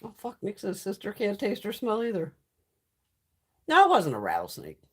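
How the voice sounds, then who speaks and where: Middle-aged woman livestream host, husky, animated, foul-mouthed storyteller. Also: mid-range voice, normal speed. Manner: profane, blunt storytelling, reads chat comments. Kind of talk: casual live-stream chat.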